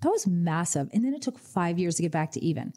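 A woman financial advisor hosting a radio finance show, telling lively client stories and acting out their reactions. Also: on the low side, fast talker. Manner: energetic storyteller, acts out client voices.

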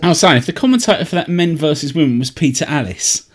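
A man's voice: a little high, animated, fast. Man making wry quips. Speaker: podcast co-host. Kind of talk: casual audio commentary.

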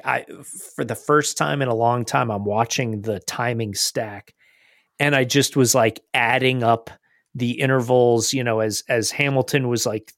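A man with a gravelly, mid-pitched voice co-hosts a podcast in casual chat. He talks with enthusiasm and often stumbles and restarts his phrases. The sound is dry and close. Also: a bit bright, no echo. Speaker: podcast co-host.

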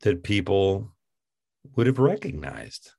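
A man with a low, gravelly voice talks through a film in easygoing chat. He keeps breaking into incredulous, exasperated questions about what he saw. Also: slow. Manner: animated, exasperated, incredulous outbursts. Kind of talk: casual film review chat.

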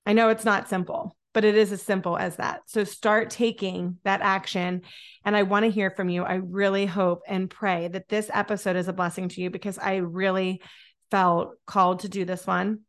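A woman's voice: medium pitch, level tone, moderate pace. Woman podcast host, encouraging and upbeat, repeats words for emphasis, solo talk.

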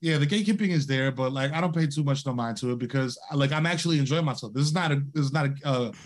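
A man's voice: medium pitch, fast. An American man, a comedian guest on a podcast, chatting and telling stories in loose slang full of "like" and "you know". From United States. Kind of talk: casual chat, storytelling.

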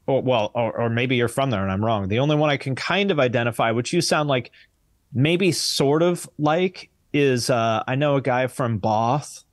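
A man's voice: medium pitch, moderate pace, no room sound. A man hosting a podcast in casual chat, blunt and joking, swearing freely. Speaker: podcast host.

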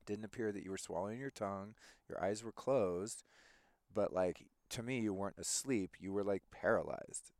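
A man with a fairly low voice tells a story in loose, animated chat, cursing often and acting out what people said. The sound is dry and close, with no room echo. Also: normal speed. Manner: animated, swears freely, acts out quoted voices. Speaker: podcast guest.

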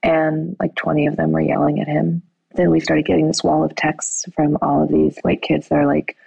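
Casting: middle-aged woman, low husky voice, chatty storyteller, dry close sound. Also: normal speed, no room sound, muffled recording. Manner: animated retelling with quoted dialogue, fillers and restarts. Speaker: parent telling a story. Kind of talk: conversational storytelling.

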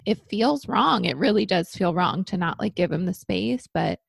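Gravelly, husky-voiced woman podcaster. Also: mid-range voice, animated, normal speed, no room sound. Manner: candid, reflective, chatty. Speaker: podcast co-host. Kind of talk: casual parenting podcast chat.

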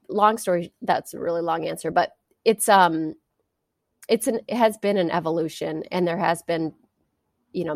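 Here a sport psychology coach in her middle years speaks as an interview guest, earnestly telling a story while often restarting and using fillers. The studio recording is dry and clean, carrying her gravelly, fairly low voice.

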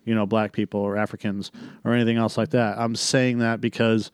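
A man's voice: on the low side, brisk, clean tone, no echo, studio quality. A man hosting a movie review podcast in casual chat, rambling and profane as he tells stories. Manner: rambling, profane, animated storytelling. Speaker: podcast host.

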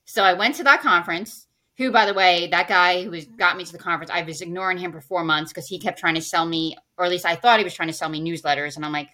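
Bright-voiced woman telling a lively story. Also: on the low side, fast. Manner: animated storyteller acting out her own past lines. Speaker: podcast guest, financial planner. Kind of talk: storytelling in casual interview.

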